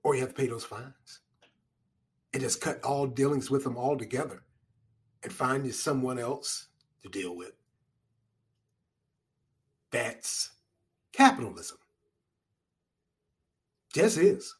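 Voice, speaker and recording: A husky-voiced man talks on his own, thinking aloud in a loose, conversational way. He circles back on himself with restarts and lets out dry little chuckles between points. His voice sits in an ordinary middle pitch. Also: expressive, takes it slowly, long pauses. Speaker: commentator. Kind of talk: solo spoken commentary.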